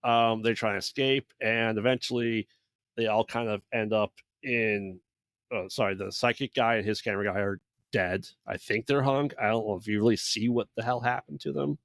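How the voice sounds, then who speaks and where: A man's voice: on the low side, fairly even intonation, moderate pace, fairly bright tone, no echo, clean studio sound. A man co-hosting a podcast, recapping a bad movie in loose casual chat and acting out characters' lines along the way. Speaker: podcast co-host.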